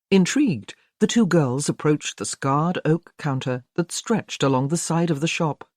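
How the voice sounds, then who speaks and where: Woman, audiobook narrator, low voice, lively expressive pitch, measured scripted reading, dry close recording. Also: no echo.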